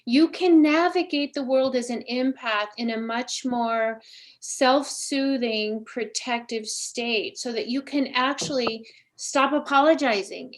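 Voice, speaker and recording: A woman's voice: fairly high pitch, measured pace. A woman appearing as a guest psychic on a talk show, speaking in an effusive, encouraging way.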